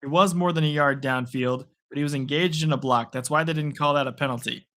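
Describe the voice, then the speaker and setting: A man's voice: a little high, brisk, a bit bright. A man hosting a live play-by-play reaction stream, playful and rambling between calls. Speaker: sports stream host.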